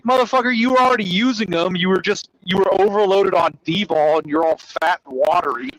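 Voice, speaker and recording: A man hosting a casual podcast chat, talking in an animated, rambling, profane way. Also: high-pitched, a little fast, hardly any pauses, poor audio. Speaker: host.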